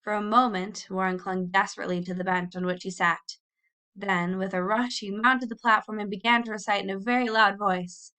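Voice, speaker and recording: A woman's voice: medium pitch, fairly even intonation, a little fast, bright, forceful tone, clean tone. A woman reading a classic children's novel aloud as a storyteller, lifting her voice for the children's quoted lines. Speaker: audiobook reader. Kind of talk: scripted narration of a children's novel.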